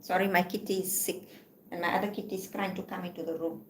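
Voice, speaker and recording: A woman talks casually on a livestream from her home, with a slightly low voice. She sounds blunt and irritated and thinks aloud as she scrolls through messages. A faint room ambience sits behind her. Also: fairly even intonation, quick pace, slight background noise. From South Africa. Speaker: livestream host.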